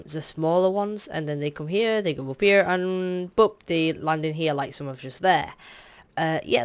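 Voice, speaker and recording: Rambling guy with a smooth voice. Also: fairly high pitch. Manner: rambling and hesitant, full of fillers, candid asides. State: tired, yawning. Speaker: Let's Play host. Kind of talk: casual gameplay commentary.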